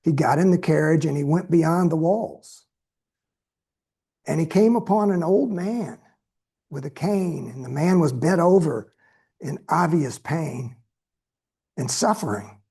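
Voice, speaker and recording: A man giving a dharma talk as a Buddhist teacher, telling a story in a slow, measured way with pauses. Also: a little high, gravelly, warm tone, husky.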